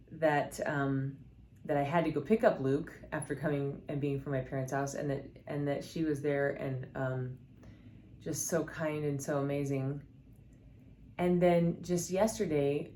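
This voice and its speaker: A middle-aged woman with a low voice tells scripture stories mixed with her own life. She speaks earnestly and candidly, often pausing on fillers and starting sentences over. A faint background noise sits under her voice. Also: a little mellow. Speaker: scripture storyteller. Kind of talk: personal devotional storytelling.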